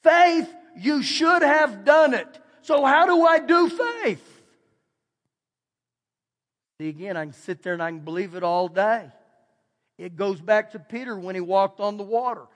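A pastor delivers a sermon in a casual, conversational manner. His voice sits very high for a man, and he slips into little acted voices for the people he quotes. A long reverb trails off every word in the church hall. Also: animated, normal speed, pauses often, fairly bright tone. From Texas, USA. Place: church sanctuary.

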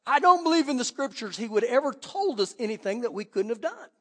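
High-voiced preaching man in a reverberant hall. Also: fairly quick. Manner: animated preaching, swings from loud to hushed. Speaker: pastor. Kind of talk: sermon.

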